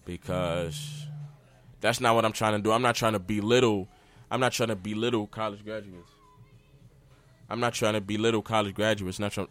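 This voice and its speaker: Young male podcast host, slightly low voice, blunt slangy rambling with constant restarts. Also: a bit bright. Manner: loose and repetitive, restarts often, slangy and blunt. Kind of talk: casual solo podcast rant.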